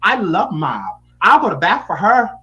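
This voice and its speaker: A man's voice: high voice, huge pitch swings, moderate pace, pushed and bright, rough recording. A man giving blunt, sassy and profane reaction commentary. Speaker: YouTube commentator.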